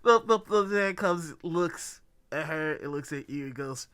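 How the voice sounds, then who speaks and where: A game master narrating a tabletop game in an animated way and laughing often. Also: mid-range voice, measured pace, smooth, no room sound, clean studio sound.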